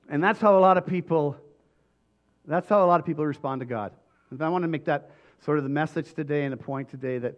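A man preaching a sermon with emphatic delivery and frequent restarts, his voice slightly hoarse. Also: on the high side, normal speed, dull audio. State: voice going hoarse. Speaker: pastor.

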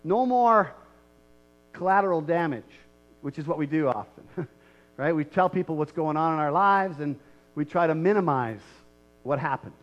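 A man's voice: fairly high pitch, lively intonation, normal speed, long pauses. A male pastor preaching a sermon in a conversational way, repeating key lines and checking in with the congregation. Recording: muffled lo-fi recording.

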